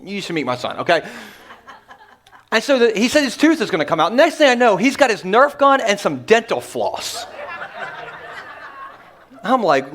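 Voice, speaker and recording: A male pastor preaching to a church congregation in a joking, energetic manner with quick asides. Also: sits high. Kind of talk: humorous sermon. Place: church sanctuary before a congregation.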